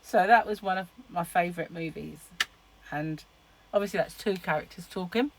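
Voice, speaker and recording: A woman's voice: lowish voice, normal speed, noisy background. A middle-aged woman chatting casually to camera in a rambling, laughing way. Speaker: vlogger.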